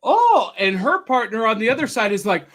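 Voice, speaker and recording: Bright, high-voiced man hosting. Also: quick pace. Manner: animated storyteller. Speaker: podcast host. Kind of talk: casual chat.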